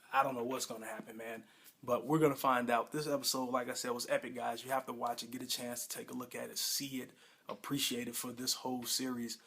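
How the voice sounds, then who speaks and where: A man's voice: mid-range voice, creaky, a bit bright, breathy edge. A man casually reviewing a TV episode, recapping it in a rambling, plain-spoken way.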